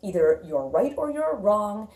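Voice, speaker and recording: A woman's voice: mid-range voice, very animated, unhurried, darkish tone, echoey room. A woman giving a casual tarot reading, blunt and repetitive, thinking aloud with lots of fillers. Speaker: tarot reader.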